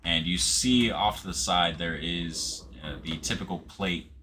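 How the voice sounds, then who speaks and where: A man narrating a tabletop game as game master, in a relaxed way with frequent fillers. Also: sits low, a little slow, slight background noise. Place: home setup streaming live.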